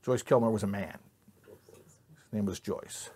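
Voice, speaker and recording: A man's voice: fairly low pitch, measured pace, warm tone, slightly rough. A man teaching an informal Bible class to a live group, joking and quizzing his listeners. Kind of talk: informal Torah class with audience.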